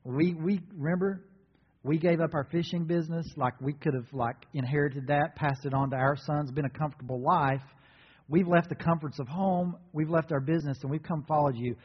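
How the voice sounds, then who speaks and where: Pastor, male, slightly high voice, a bit husky, animated storytelling sermon in a reverberant sanctuary. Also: fairly quick. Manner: animated storytelling, acts out biblical dialogue. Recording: dull, muffled sound with long reverb.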